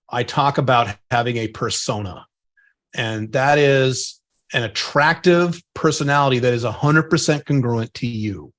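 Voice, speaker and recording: A man's voice: medium pitch, a bit bright. A man co-hosting a podcast in casual chat, talking bluntly and emphatically, with some profanity. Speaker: podcast co-host.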